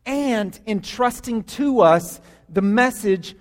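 A man's voice: sits high, expressive, slow. A man preaching a sermon as pastor, emphatic, repeating words for stress, in a church sanctuary. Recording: long hall reverb.

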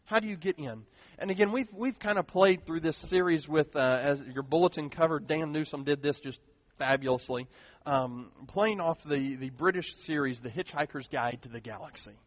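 A man preaching a sermon as pastor, earnest and animated, repeating key phrases for emphasis. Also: on the high side, moderate pace, no room sound. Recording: dull lo-fi sound, dry.

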